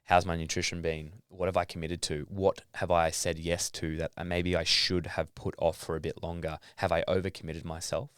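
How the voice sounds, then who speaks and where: Australian man, young adult, low smooth voice, laid-back interview guest. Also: normal speed, few pauses, no room sound, studio quality. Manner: relaxed, swears casually, acts out his own inner thoughts. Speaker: podcast guest, athlete. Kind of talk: casual interview talk.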